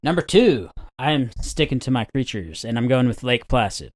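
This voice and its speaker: Relaxed man chatting, noisy group behind. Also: mid-range voice, normal speed, a crowd in the background. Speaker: podcast co-host. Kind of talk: casual chat.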